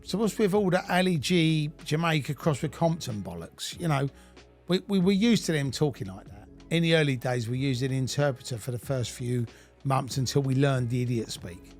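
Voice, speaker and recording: A man's voice: mid-range voice, animated, moderate pace, a little mellow, faint music behind. A middle-aged British man reading his own memoir aloud, blunt and full of swearing. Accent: British English. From United Kingdom. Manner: blunt, heavily profane storytelling. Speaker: narrator of his own life story.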